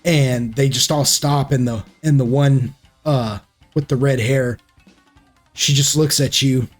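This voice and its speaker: A man's voice: medium pitch, steady tone, unhurried. A man narrating as game master of a tabletop game, hesitant and full of fillers, voicing characters in quotes. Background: background music.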